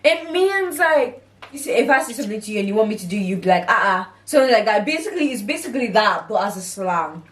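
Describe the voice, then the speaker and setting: A woman's voice: mid-range voice, sing-song, fast talker, distant mic. A young British woman, a daughter co-hosting, talking casually with giggles and hesitant fillers. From Britain. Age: teens or young adult. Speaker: daughter co-host. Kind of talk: casual vlog chat. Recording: echoey room, off-mic.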